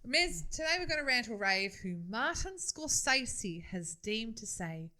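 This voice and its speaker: A woman's voice: on the high side, very animated, unhurried, bright, forceful tone. Playful Australian woman, middle-aged. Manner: teasing, playful. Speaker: podcast co-host. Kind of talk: casual chat.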